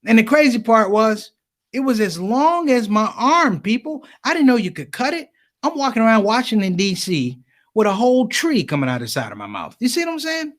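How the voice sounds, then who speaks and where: Animated, high-voiced male comic storyteller. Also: a little fast. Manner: animated, punchy, repeats words for effect. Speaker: speaker.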